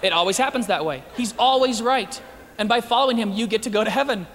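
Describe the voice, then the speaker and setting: A high-voiced man speaks quickly and with lots of animation, joking with his listeners and slipping into the voices of the people he quotes. His talk carries the long reverb of a large hall. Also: fairly bright tone. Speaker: Christian speaker. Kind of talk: lively talk to an audience.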